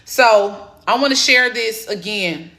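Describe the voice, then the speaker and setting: A woman from the Southern United States with a Southern accent, an exam prep coach chatting on a phone live stream in an excitable, encouraging way. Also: on the high side, slow pace. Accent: Southern American. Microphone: phone camera.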